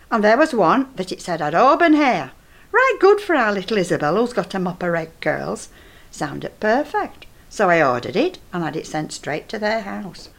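An older woman with a Northern English accent, telling a comic monologue in a chatty, gossipy and flustered way. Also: mid-range voice.

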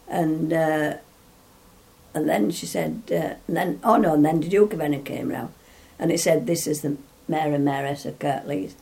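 An older woman tells an anecdote in a meandering, chatty way. Her voice sits fairly low and has a gravelly, creaky edge. She keeps restarting her sentences as she goes. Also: warm tone. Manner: rambling, full of restarts, laughs while telling. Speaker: interviewee. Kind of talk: reminiscing storytelling.

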